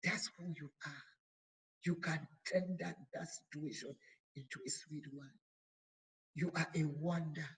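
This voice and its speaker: A woman's voice: low-pitched, fairly even intonation, slightly rough, low-quality recording. A woman bishop preaching a sermon, building emphasis through repeated phrases. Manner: emphatic, repetitive exhortation; slow, deliberate delivery with stretched words.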